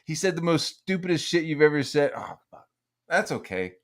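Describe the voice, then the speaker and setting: A man's voice: a little high, normal speed. A man hosting a casual comics talk show, telling rambling, profane stories and jumping between topics. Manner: profane, rambling, animated storytelling. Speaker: podcast host. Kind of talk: casual chat.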